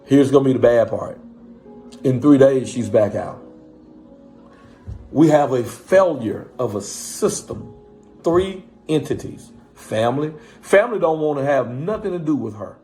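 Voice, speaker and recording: A man's voice: mid-range voice, animated, measured pace, mellow, faint music behind. A man, a pastor, talking passionately to his live-stream viewers, repeatedly calling out to his listeners.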